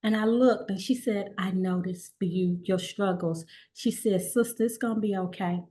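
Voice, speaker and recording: A middle-aged woman guest telling her story in a relaxed conversational way, acting out the voices of the people she quotes. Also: mid-range voice, moderate pace. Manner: animated, acts out quoted dialogue.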